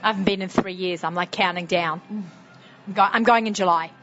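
A woman's voice: lowish voice, steady tone, moderate pace, noisy background. A middle-aged woman with a strong Sydney Australian accent, hosting a casual interview, chatty and laughing often. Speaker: radio show host. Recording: slightly muffled recording.

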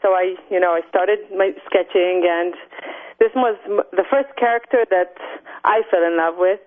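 A woman's voice: on the low side, normal speed. A woman, a guest speaking hesitantly in a phone interview. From Israel. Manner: soft-spoken, hesitant, many fillers. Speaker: illustrator guest. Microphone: telephone. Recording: tinny phone line.

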